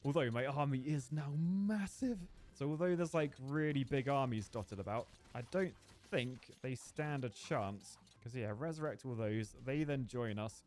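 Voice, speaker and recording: A young man gives running live commentary over his gameplay, chatty, jokey and quick to get excited. His voice sits at an ordinary middle pitch. Faint music plays behind him. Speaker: gaming streamer.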